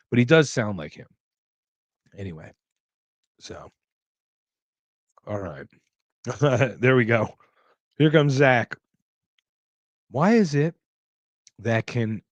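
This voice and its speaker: A man's voice: lowish voice, no echo. Rambling man hosting a livestream. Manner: rambling, joking, with restarts and movie impressions. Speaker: podcast host. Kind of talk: casual livestream chat reading audience questions.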